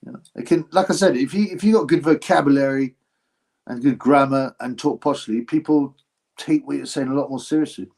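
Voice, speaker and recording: A man's voice: medium pitch, fairly quick, darkish tone. A man hosting a live stream, giving blunt, mocking commentary on a boxing match and reading out chat comments. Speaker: livestream host reacting to a boxing fight.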